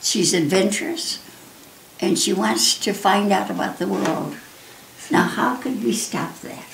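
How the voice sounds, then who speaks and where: Calm gentle father, slow, quiet, measured, older woman quoting him, gravelly, roomy. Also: mid-range voice, distant mic, a little hiss or hum. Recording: roomy echo.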